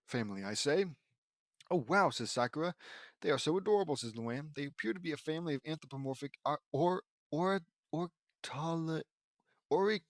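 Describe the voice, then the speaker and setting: A man's voice: medium pitch, no echo. A man reading a fan-fiction audiobook aloud, stumbling over words and breaking in with sarcastic asides.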